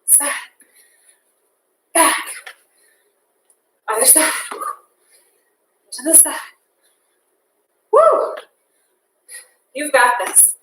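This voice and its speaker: A woman's voice: high-pitched, extremely slow, pauses often, pushed and bright, slight background noise. A woman fitness instructor leading a workout class, upbeat and encouraging, counting down and cheering with whoops. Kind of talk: live workout class cueing. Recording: echoey room, voice from a distance.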